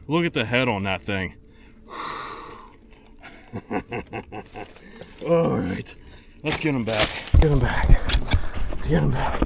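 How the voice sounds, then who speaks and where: A man's voice: mid-range voice, lively intonation, slow pace, creaky, long pauses, noisy background. A man filming himself fishing from a boat outdoors, talking to the camera and exclaiming and repeating himself as he goes. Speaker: fishing vlogger. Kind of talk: excited on-the-water commentary.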